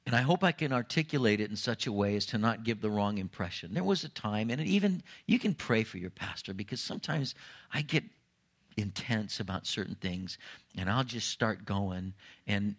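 A pastor preaching a sermon, swinging between quiet low asides and raised, emphatic lines. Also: male voice, animated, moderate pace.

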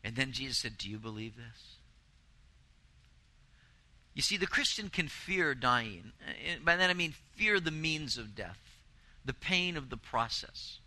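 A man's voice: fairly high pitch, animated, normal speed, bright, forceful tone, low-quality recording. A man preaching a sermon, earnest and emphatic, building intensity with repeated phrases. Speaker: pastor.

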